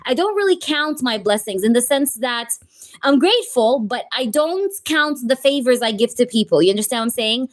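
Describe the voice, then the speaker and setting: A woman's voice: fairly high pitch, expressive, normal speed. A woman giving a live-stream tarot reading, chatting with viewers and speaking in the first person for the person in the cards. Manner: chatty, talks to chat, speaks as the twin flame in first person. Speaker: tarot reader.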